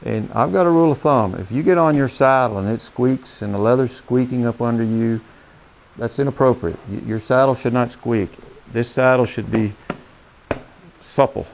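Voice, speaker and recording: A man's voice: mid-range voice, moderate pace, creaky, darkish tone. A man demonstrating saddle care beside his horse, talking in a folksy, plain-spoken way and checking in with "okay?" as he works. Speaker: horsemanship instructor. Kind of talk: hands-on demonstration.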